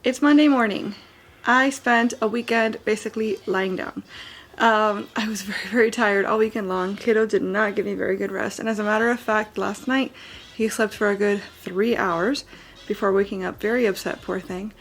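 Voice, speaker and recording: A woman in her thirties from the United States talks straight to camera at home in a loose, rambling daily vlog. She sounds worn out and sleepy, yawning between thoughts and leaning on fillers as she chats. Her voice sits at an ordinary middle pitch. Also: fairly even intonation, normal speed, soft background music. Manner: chatty, rambling, frequent fillers. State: tired, yawning. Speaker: vlogger. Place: at home, indoors.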